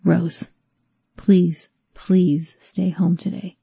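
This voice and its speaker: A woman's voice: fairly low pitch, extremely slow, creaky, husky, dry recording, heavily acted. Woman voicing a worried, protective man. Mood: pleading. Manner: steady and gentle, turning pleading and exasperated.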